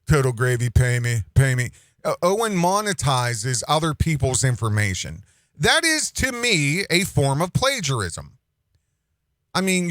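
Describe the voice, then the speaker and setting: A man's voice: medium pitch, fairly bright tone, no room sound, clean studio sound. A man hosting an online commentary show, talking casually in a mocking, rambling way and often repeating his phrases.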